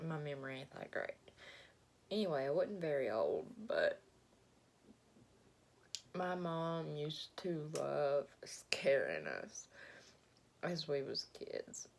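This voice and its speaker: A woman with a Southern Alabama accent, telling a story in a rambling, halting way as she eats and talks with her mouth full. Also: low-pitched, sing-song, vocal fry, slight background noise. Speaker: vlogger. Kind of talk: casual storytelling while eating.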